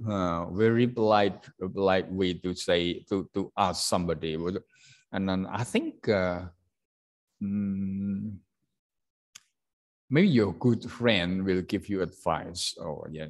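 A male teacher with a lowish voice and an Indonesian accent leads a lesson. He talks in a halting way and fills gaps with "uh" and "um". He calls out the example sentences with a sudden lift in force. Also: lively intonation. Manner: halting, many fillers, acts out example sentences loudly. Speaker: English teacher. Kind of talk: classroom teaching.

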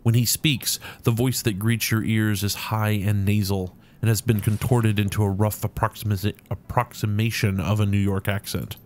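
A man's voice: fairly low pitch, little pitch movement, normal speed, hardly any pauses, slight background noise. A man hosting a video game playthrough, chatting casually and reading the on-screen story text aloud with amusement. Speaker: let's play host.

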